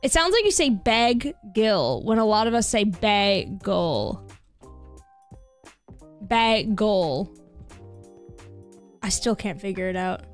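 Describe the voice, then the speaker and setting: A Canadian woman chats easily while she plays a game on stream, her voice a little higher than most and quick to laugh. Soft music plays faintly underneath her. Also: big pitch swings. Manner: chatty, reads chat aloud, laughs easily. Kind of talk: casual chat while gaming.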